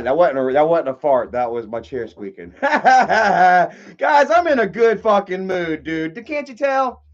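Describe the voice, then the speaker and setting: A young man rambles through a laid-back livestream, greeting his viewers and swearing freely. His voice sits a bit high for a man. The stream audio sounds dull and lo-fi. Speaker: livestream host. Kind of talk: casual livestream chat.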